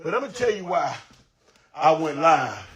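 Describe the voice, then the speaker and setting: A man's voice: a little high, big pitch swings, normal speed, fairly bright tone, slight background noise. A man from Miami ranting and pleading on a livestream about his sneaker collection, exasperated, profane and repetitive. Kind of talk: emotional livestream rant.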